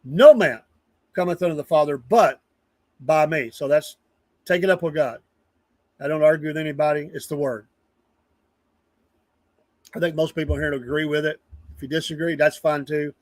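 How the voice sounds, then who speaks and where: A man's voice: a little high, moderate pace, long pauses, a little mellow, no room sound. A man, hosting a casual live stream, rambling earnestly and greeting viewers from the chat by name. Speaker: livestream news show host.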